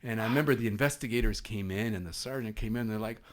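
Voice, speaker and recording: A man's voice: mid-range voice, animated, fast talker, few pauses. A man from Canada, a former SWAT officer, telling an anecdote as a guest with many restarts and fillers. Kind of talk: storytelling anecdote in conversation.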